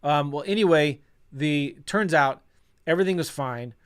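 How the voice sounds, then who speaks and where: A middle-aged man talking casually as a real estate coach, telling a story and acting out old conversations with a self-deprecating, animated manner. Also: on the high side, normal speed, clear, resonant tone. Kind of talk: casual storytelling to an online audience.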